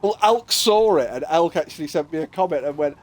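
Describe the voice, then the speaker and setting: Animated, swearing English man. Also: a little high, fairly quick, a little hiss or hum. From England. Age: middle-aged. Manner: animated storyteller, swears freely, mimics voices. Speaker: streamer. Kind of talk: casual chat on a livestream.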